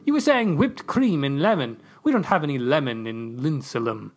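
A man doing a deadpan literal-minded companion. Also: on the high side, normal speed. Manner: flat, deadpan. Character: flat-spoken literal-minded male companion.

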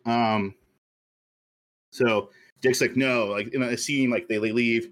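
Man, podcast host, mid-pitched, rambling chat with self-amused laughs. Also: steady tone, slow. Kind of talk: casual chat.

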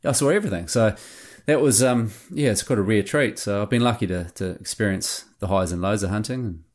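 Low kiwi guy spinning hunting yarns, keeps doing the other guys' voices. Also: fairly quick. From New Zealand. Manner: animated anecdotes with acted-out quotes. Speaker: hunting show producer and guest. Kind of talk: casual storytelling interview.

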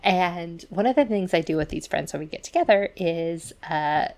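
A woman's voice: fairly low pitch, lively intonation, moderate pace, a little hiss or hum. A woman co-hosting a podcast, retelling stories in casual chat with lots of fillers and asides, acting out the quoted voices. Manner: chatty storytelling full of fillers and asides. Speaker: podcast co-host.

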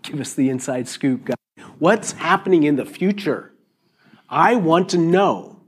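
A middle-aged man preaching a sermon in an animated, jokey way, acting out little voices as he goes. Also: fairly high pitch, a little slow, slightly rough. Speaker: pastor.

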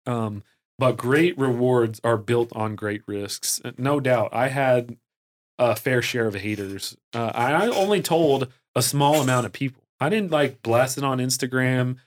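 A man talking as a podcast guest in a casual, energetic way, full of fillers and restarts. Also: mid-range voice, unhurried. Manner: energetic and excitable, heavy use of "like" and fillers. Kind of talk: casual conversational storytelling.

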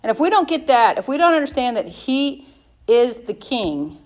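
A woman's voice: fairly high pitch, very animated, moderate pace, rough recording. A woman leading a Bible study class in a conversational way, spelling words out and restarting her sentences. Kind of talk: casual teaching talk.

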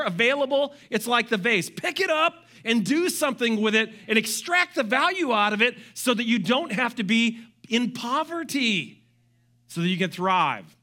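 High-voiced, bright animated male pastor. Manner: animated, joking asides and quoted voices. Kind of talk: sermon.

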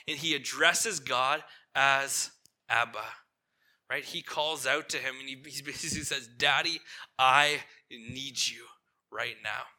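A man preaching to his congregation with a very bright, forward tone and a voice sitting a little high for a man. He speaks conversationally and keeps checking in with "right?" His delivery turns earnest and gentle when he touches on pain. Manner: conversational, asks the congregation questions, frequent "right?"; tender and earnest on painful points. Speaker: lead pastor. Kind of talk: sermon. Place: church sanctuary with a congregation.

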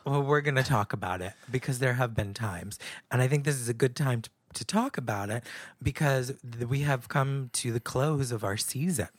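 A man's voice: mid-range voice, dry recording. A man co-hosting a podcast in casual chat, with a dry, sarcastic way of talking. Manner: dry, sarcastic, drawn-out repetitions. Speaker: podcast co-host.

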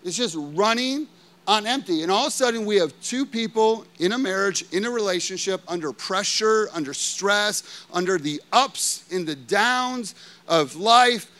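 A man in his thirties preaching a sermon in a lively, conversational way, often checking in with the congregation. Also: high-pitched, moderate pace. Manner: animated and conversational, keeps asking the congregation "okay?". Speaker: pastor.

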